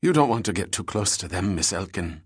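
A man's voice: deep voice, very animated, a little fast, slightly rough, no room sound, studio quality, full character voice. A man reading an audiobook, voicing a nervous and evasive male antiquities dealer who turns guarded and indignant. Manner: guarded, indignant, slightly pleading. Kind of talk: audiobook character voice.

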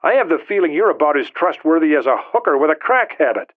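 A man's voice: on the high side, sing-song, fast talker, voice pushed up. A man doing a brash billionaire on the phone. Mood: blunt. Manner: blunt, distrustful. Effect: telephone filter. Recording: tinny phone line.

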